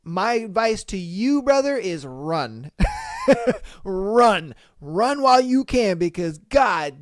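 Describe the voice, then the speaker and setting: A man hosting a casual podcast, reacting to listener posts with profane disbelief and loud bursts of laughter. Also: high-pitched, very animated, slow, dry recording, clean studio sound. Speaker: podcast host.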